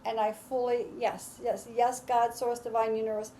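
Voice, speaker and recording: A woman's voice: fairly high pitch, flat delivery, moderate pace, dark tone, slight background noise. A woman giving a casual, enthusiastic tarot and astrology reading, repeating her affirmations. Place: home with lawnmowers outside.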